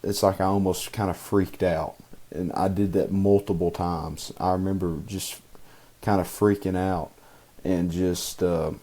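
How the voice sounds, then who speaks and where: A man's voice: sits low, little pitch movement, a little slow, warm tone. A young man co-hosting a podcast, talking casually in a rambling way with many fillers and restarts. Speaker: podcast co-host. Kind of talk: casual chat.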